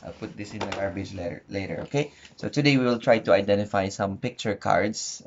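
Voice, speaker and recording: A man's voice: fairly low pitch, fairly quick. A man at home patiently coaxing his toddler, repeating simple questions in a casual home video. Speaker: father teaching his toddler. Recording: muffled home recording with faint hiss.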